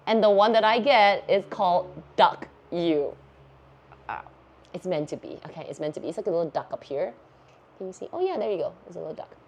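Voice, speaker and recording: A woman, a YouTube host chatting casually through viewer questions in a bubbly, giggly, excitable way. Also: lowish voice, fairly quick. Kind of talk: casual Q&A chat.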